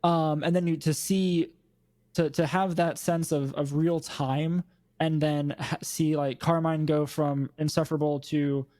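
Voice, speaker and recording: Rambling young man, higher-voiced co-host. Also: unhurried. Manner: rambling, animated, slips into mock voices. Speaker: podcast co-host. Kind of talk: casual chat about video games.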